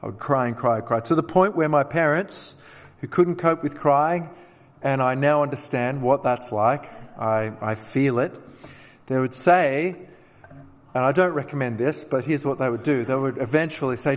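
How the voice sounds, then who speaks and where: A man preaching a sermon, telling personal stories with animated, self-deprecating asides. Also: medium pitch, moderate pace, long reverb tail. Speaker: pastor.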